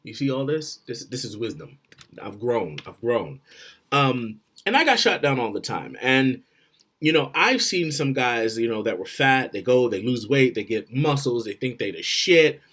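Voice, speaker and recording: A man giving blunt, profane relationship advice straight to the camera, swinging between loud and quiet. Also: mid-range voice, big pitch swings, moderate pace. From Florida. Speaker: vlogger.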